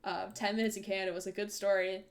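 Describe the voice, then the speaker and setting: A woman's voice: medium pitch, little pitch movement, quick pace. A woman hosting a live game stream, chatting casually and rambling with many fillers and self-corrections. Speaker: streamer host. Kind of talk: casual chat while playing a game live.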